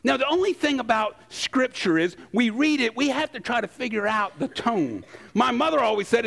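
A man preaching a sermon, emphatic, acting out quotes and pausing for effect. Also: sits high, sing-song, creaky, a bit bright. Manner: emphatic, acts out quotes, dramatic pauses.

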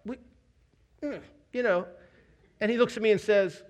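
A high-pitched man delivers a sermon to his church congregation. He tells a candid personal story and pokes fun at himself along the way. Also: moderate pace, long pauses. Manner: candid storytelling with self-deprecating humor. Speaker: pastor.

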